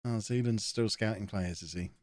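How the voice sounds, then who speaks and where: A man's voice: lowish voice, normal speed, a little mellow, no echo. A man on a voice call during a group game, making dry, needling remarks at his friends. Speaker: player in an online group game. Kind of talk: casual banter on a voice call.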